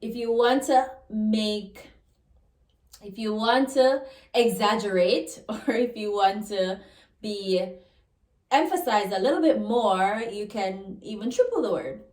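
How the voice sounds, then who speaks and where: A woman with a Jamaican accent teaching a language lesson, slowly repeating example words. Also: medium pitch, darkish tone. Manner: slow and deliberate, repeats example words, laughs now and then. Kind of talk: lesson explaining pronunciation rules. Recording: echoey room.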